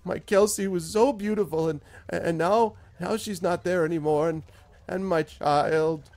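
A man voicing a humble, desperate farmer who stammers and repeats himself in rough country grammar. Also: medium pitch, fairly quick, darkish tone, close to an everyday voice. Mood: pleading.

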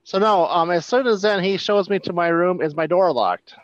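A man playing a tabletop game, speaking in a measured, terse way. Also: sits high, no echo. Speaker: player. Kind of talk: tabletop role-play. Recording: dull lo-fi sound.

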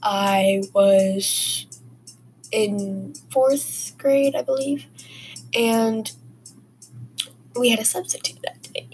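A woman's voice: on the high side, a little mellow, a little hiss or hum, poor audio. Chatty woman telling personal stories. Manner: rambling, chatty, many fillers. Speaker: podcast host. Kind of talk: casual storytelling.

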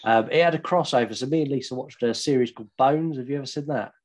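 A man's voice: medium pitch, quick pace. Rambling, joking Englishman. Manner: rambling, swearing, jokey storyteller. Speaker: podcast co-host. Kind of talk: casual chat.

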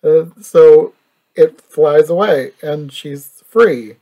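Husky-voiced man, casual podcast chat. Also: fairly high pitch, takes it slowly, dull audio. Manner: easygoing, laughs a lot, uses filler "like". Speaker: podcast co-host. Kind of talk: casual chat about a cartoon.

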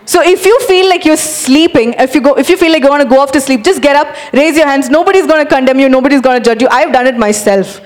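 Woman preacher, high voice, energetic and urging, sermon to a live congregation. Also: fast, few pauses. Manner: energetic, urging the audience, animated demonstrations.

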